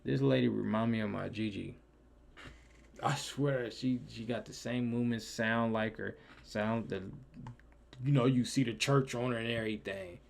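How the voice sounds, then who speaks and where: A young man talks through a reaction video in loose slang, jumping from loud bursts to low mumbles. His voice has a heavy gravelly fry throughout and sits at an ordinary middle pitch. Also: steady tone, moderate pace. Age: young adult. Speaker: reaction streamer. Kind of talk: casual reaction commentary.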